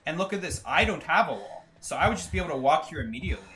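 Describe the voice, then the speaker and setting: A man's voice: fairly high pitch, big pitch swings, rapid-fire, sharp tone, a little hiss or hum. A man streaming a video game, chatting casually and joking as he plays, laughing often. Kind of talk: casual live-stream gameplay commentary.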